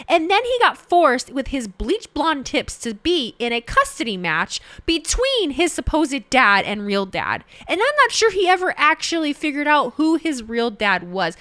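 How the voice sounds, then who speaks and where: A woman's voice: high voice, sing-song, normal speed, few pauses, sharp tone, no echo. A woman streamer in casual live chat, joking theatrically and answering her viewers.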